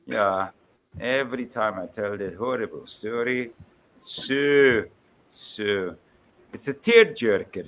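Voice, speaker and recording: A man from the Netherlands chatting casually on a stream, rambling and joking with big swings in pitch. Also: animated, slow, a bit bright. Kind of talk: casual chat.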